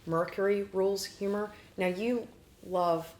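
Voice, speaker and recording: A woman hosting a casual talk show, explaining ideas in lists with quick restarts. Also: mid-range voice, fairly even intonation, a little mellow. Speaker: astrology show host.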